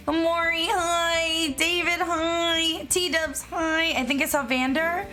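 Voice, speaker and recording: A woman's voice: extremely high pitch, level tone, slow pace, few pauses, bright, forceful tone, soft background music. A young woman streamer chatting casually and giggling as she greets her viewers by name. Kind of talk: casual live-stream chat.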